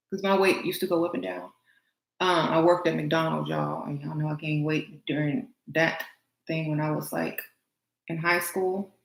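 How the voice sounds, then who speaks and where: A woman's voice: on the low side, vocal fry. A woman vlogger chatting casually with her stream chat while getting ready, laughing and answering comments. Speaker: beauty vlogger livestreaming to chat. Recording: roomy echo, faint noise.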